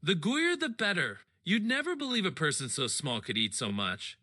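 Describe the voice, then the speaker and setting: An expressive man narrates a story in the first person. His voice runs high and swings widely. The tone is very bright and sharp. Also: normal speed. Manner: animated, expressive. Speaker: audiobook reader.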